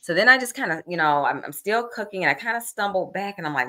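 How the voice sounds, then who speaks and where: A woman's voice: fairly low pitch, lively intonation, fast, bright, forceful tone. A middle-aged woman casually telling an anecdote, animatedly acting out her own quoted thoughts. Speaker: guest storyteller.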